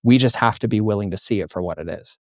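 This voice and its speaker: A middle-aged man, a guest entrepreneur and coach, telling lively stories and acting out dialogue in a conversational interview. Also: lowish voice, fast, no room sound, studio quality. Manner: animated storyteller acting out dialogue.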